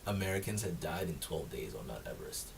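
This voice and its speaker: A man's voice: extremely low pitch, sing-song, fast, gravelly, slight background noise. Laughing man far from the mic. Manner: laughs often, acts out quotes. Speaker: podcast co-host. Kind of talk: casual chat.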